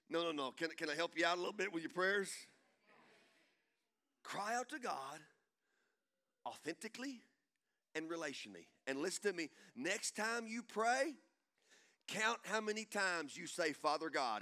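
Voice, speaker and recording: High, bright-voiced preacher man. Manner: swings from hushed to shouting. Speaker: pastor. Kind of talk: sermon.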